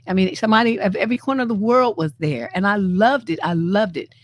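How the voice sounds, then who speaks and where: A woman from San Francisco, USA, hosts a live stream with casual, animated commentary on memes, often acting out the lines she quotes. She has a mid-range voice and talks fast.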